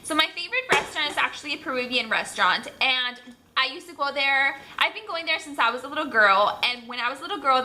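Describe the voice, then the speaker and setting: A woman's voice: sits high, pushed and bright. A young woman, a mom, reading out tag questions at home and answering them in a chatty, candid way with many fillers. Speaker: mom vlogger. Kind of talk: casual tag video, reading questions aloud. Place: home room.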